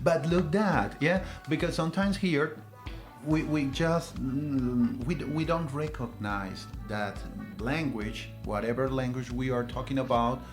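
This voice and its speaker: A man's voice: mid-range voice, a little slow, soft background music. A man with a Colombian Spanish accent co-hosting a podcast in English as a teacher, asking questions hesitantly with many restarts. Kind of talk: casual podcast chat.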